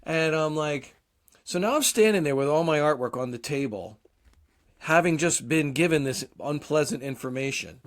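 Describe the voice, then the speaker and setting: A man's voice: a little high, expressive, normal speed. A man in his forties, co-hosting a podcast, telling a long casual story, swearing often and mocking himself. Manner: profane, self-deprecating storyteller. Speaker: podcast co-host.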